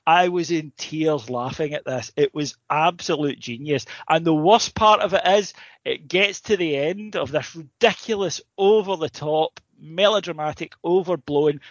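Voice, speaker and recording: A man, co-hosting a podcast, telling a rambling, sweary, animated story in casual comedic chat. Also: fairly high pitch, measured pace, dry recording. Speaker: podcast co-host. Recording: dry, slightly muffled recording.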